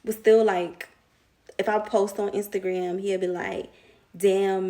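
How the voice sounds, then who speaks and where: A woman's voice: mid-range voice, level tone, a little slow, pauses often, dark tone, slight background noise. A young woman telling a casual storytime to her viewers, slangy and chatty, laughing often.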